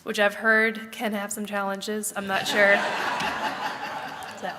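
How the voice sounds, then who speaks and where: A woman in her thirties gives a candid, thoughtful personal reflection at a church service, pausing often with fillers as she gathers her thoughts. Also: mid-range voice, flat delivery, pushed and bright. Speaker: congregant sharing a Mother's Day reflection. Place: church sanctuary. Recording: long church reverb.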